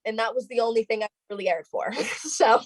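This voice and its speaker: A young woman, a singer being interviewed, telling her story in a chatty casual way, full of "like" and quick quoted asides. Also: on the high side, dry recording. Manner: chatty, fillers of "like" throughout, quoting others in lively bursts.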